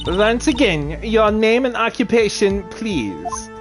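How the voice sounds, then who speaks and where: A man's voice: high voice, big pitch swings, takes it slowly, pitched above the performer's own voice, heavily acted. A man voicing a fussy, bumbling courtroom judge in a video game dub, speaking in a formal way. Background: game music.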